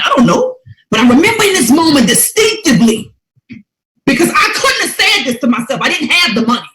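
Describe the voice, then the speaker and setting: A woman, telling a personal testimony in an emphatic, preacher-like way that swings from hushed to loud. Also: a little high, echoey room, poor audio. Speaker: motivational speaker. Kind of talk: testimony-style motivational talk.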